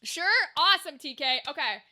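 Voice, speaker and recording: A young woman chatting on a live stream in a high, very bright voice. She rambles from one thought to the next and hums little tunes to herself along the way. She sounds casual and talkative. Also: lively intonation, normal speed.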